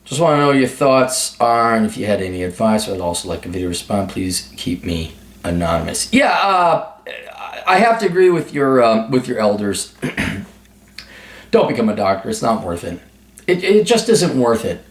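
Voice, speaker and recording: A man's voice: on the low side, very animated, normal speed, roomy sound. A man hosting an advice video, giving blunt, profane, sarcastic answers in a ranting monologue. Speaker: advice show host.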